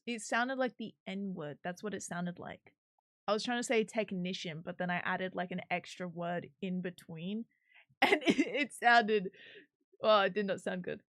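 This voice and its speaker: A woman's voice: medium pitch, a bit bright, no room sound, studio quality. A woman streamer chatting casually while she works on a 3D model, giggly and swearing now and then.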